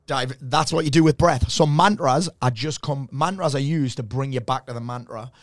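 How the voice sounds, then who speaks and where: A man in his 40s with a medium-pitched voice talks at normal speed in a studio-quality, echo-free recording. As a mindset coach on a casual podcast, he swears liberally and tells lively stories, acting out quoted voices.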